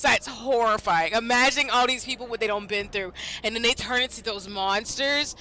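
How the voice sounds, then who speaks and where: A woman's voice: medium pitch, normal speed, few pauses, sharp tone, slight background noise, rough recording. A woman streamer reacting emotionally to a game, exclaiming and swearing casually. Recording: streamer mic with game music behind.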